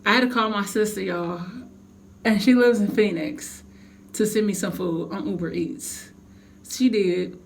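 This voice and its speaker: A young woman vlogging from home, telling a heated storytime with lots of swearing. Her voice is of ordinary pitch for a woman, and she talks straight to her viewers. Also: a little slow, creaky, a little hiss or hum. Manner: animated, profane venting storytelling. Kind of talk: casual storytime vlog.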